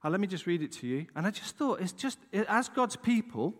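A man's voice: high-pitched, very animated, brisk, in a large hall. A man preaching a casual sermon, chatty and conversational, tossing in "right?" asides as he tells a story.

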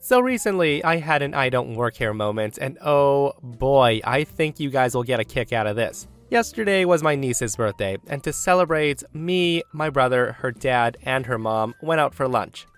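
A man's voice: medium pitch, lively intonation, normal speed, hardly any pauses, fairly bright tone, faint music behind. A man reading online stories aloud in a casual way, talking straight to his listeners. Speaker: story narrator.

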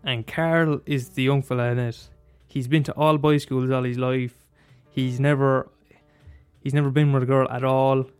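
A man's voice: medium pitch, little pitch movement, normal speed, a little mellow, clear, resonant tone, soft background music. A man talking casually about a favourite film, rambling and restarting, swearing and laughing as he goes. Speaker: film commentator. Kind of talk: casual monologue.

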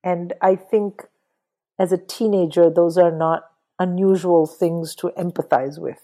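Animated middle-aged woman guest. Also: lowish voice, unhurried, low-quality recording. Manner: animated, swears, mimics people in quotes. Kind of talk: casual interview talk about books.

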